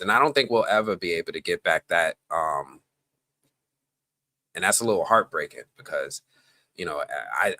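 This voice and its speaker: A man's voice: sits low, no echo. A man from the Bronx hosting a live stream, chatting casually and rambling off on tangents. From the Bronx, New York. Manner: animated, rambling, goes off on tangents.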